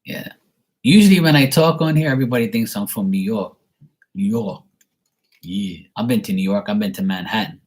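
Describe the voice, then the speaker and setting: This Bermudian man's voice is on the low side with a darkish tone and normal speed. He casually works through viewer messages in a live chat, wandering off topic and chuckling at his own expense.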